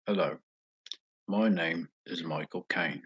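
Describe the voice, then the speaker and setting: A man putting on an impression of a famous middle-aged English actor, speaking in a slow, deliberate, put-on English accent. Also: low-pitched, steady tone, a bit bright, breathy edge, muffled recording, exaggerated voice. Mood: playful.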